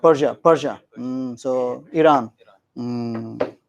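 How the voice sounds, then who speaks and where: A man teaches grammar to a class in an animated, teasing way. His pitch leaps up and down as he quizzes and jokes with the students. His voice sits at an everyday middle height, recorded in a classroom. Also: slow, creaky, highs cut off, a little hiss or hum. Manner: animated, joking with students, mixes in Hindi phrases.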